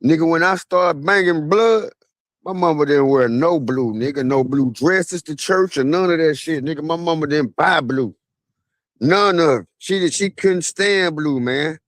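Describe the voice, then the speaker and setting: Young guy, loose street-slang storytelling, voice sitting a bit high, dry close sound. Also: unhurried, no echo. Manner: relaxed, slangy street talk with many fillers. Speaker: vlogger. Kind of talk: casual storytelling monologue. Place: outdoors at a graveside.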